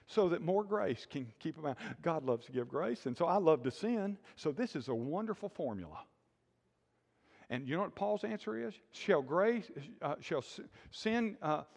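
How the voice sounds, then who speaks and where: A man preaching a sermon in a lively call-and-response style, with sudden loud bursts. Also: on the high side. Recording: long hall reverb.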